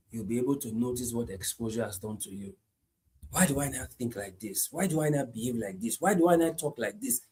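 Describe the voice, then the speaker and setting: A man preaching a sermon, repeating his points emphatically and moving between hushed lines and loud climaxes. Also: mid-range voice. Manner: repetitive, emphatic, swings from hushed to shouting.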